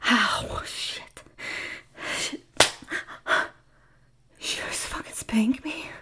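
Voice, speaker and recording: A woman in a whispered role-play, talking in a breathy, stammering, pleading way and sounding out of breath. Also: extremely slow, sharp tone. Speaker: audio role-play performer.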